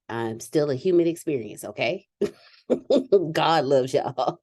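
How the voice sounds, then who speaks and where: A woman hosts a relaxed group video call, laughing often and speaking with candid energy. Her voice sits a touch low but swings widely in pitch. The sound is dry and close. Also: measured pace, husky, no room sound.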